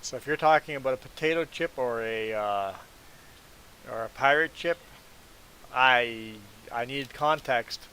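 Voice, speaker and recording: A man's voice: medium pitch, unhurried, bright, forceful tone, a little hiss or hum, poor audio. A man hosting a casual gaming livestream, chatting with viewers, laughing often and stumbling through restarts as he explains things. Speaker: livestream host.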